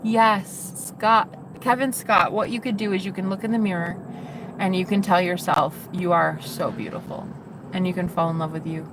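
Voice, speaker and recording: A woman live streamer chatting casually with her viewers, gushing and excitable, with casual swearing. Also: medium pitch, normal speed, noisy background.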